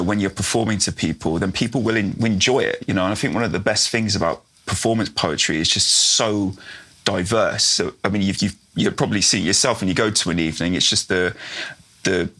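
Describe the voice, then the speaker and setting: A man's voice: fairly low pitch, sharp tone. A man as a podcast guest, answering hesitantly with many restarts and frequent laughs. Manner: hesitant, repeats words, laughs a lot. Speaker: guest, slam poet. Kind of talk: casual interview chat.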